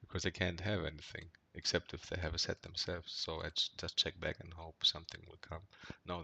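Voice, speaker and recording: Here a poker player goes over his hands in rambling, casual commentary, his voice low, gravelly and sharp. Fillers and a habitual "right?" run throughout, and annoyance makes him worked up enough to swear.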